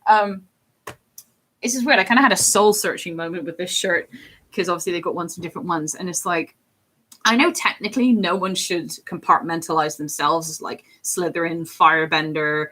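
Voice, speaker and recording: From her home office, a woman who streams and draws as a hobby rambles casually during a livestream drawing session, filling her talk with fillers. Her voice sits lowish and sounds pushed and bright, at a moderate pace.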